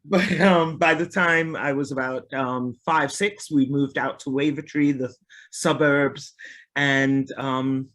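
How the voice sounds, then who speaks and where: With a very deep voice and fairly even intonation, a woman musician from Liverpool, England, takes her time answering questions in a casual interview. Her Liverpool accent is softened, and she laughs often, talks easily and tails off with ums.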